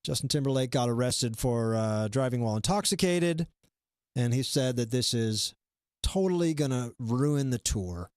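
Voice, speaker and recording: A man's voice: mid-range voice, lively intonation, normal speed, darkish tone, no echo, clean studio sound. A man hosting a comedy live stream, chatting casually and rambling with lots of fillers and restarts. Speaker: comedy show host.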